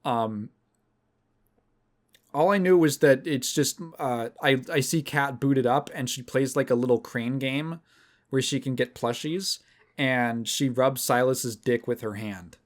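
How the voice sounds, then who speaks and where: A man hosting a podcast, telling a story in a casual, rambling and animated way. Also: medium pitch, a little slow. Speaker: podcast host. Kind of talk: casual chat.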